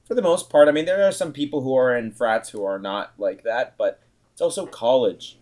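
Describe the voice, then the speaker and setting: A man's voice: medium pitch, a little fast, a little mellow. A young man talks on a podcast in a blunt, casual way. He brushes points aside and swears freely. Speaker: podcast co-host.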